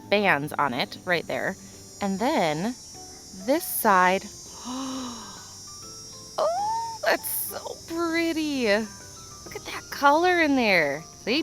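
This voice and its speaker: A young woman hosting a casual hobby vlog, excitable and quick to gasp and laugh. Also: mid-range voice. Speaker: rock tumbling channel host.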